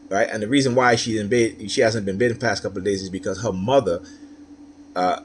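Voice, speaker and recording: Low-voiced man rambling with many fillers. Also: fairly even intonation, fast, a little hiss or hum. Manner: rambling, repeats "right?", many fillers, gets heated. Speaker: commentator. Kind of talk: personal monologue.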